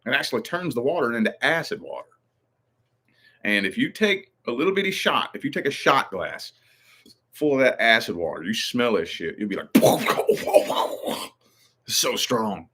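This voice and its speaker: A man hosting a casual stream, telling stories in a rambling, profane, animated way. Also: mid-range voice, a little fast, slight background noise. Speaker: channel host. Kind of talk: casual livestream chat.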